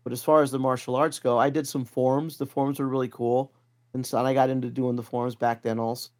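Animated man telling a story. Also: medium pitch, a little fast. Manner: animated, acts out quoted voices. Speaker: martial arts instructor, guest. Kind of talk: casual storytelling.

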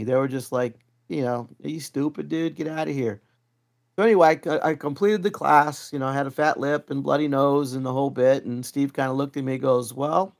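Animated man telling a story. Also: medium pitch. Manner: animated, acts out quoted voices. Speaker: martial arts instructor, guest. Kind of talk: casual storytelling.

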